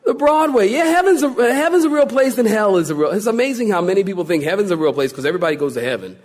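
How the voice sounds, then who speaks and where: A man preaching from the pulpit in a high voice that climbs and dips all over the place. He jokes with the listeners and acts out quoted voices as he goes. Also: very fast. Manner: animated preaching with joking asides and voiced quotes. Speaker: pastor. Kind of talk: sermon.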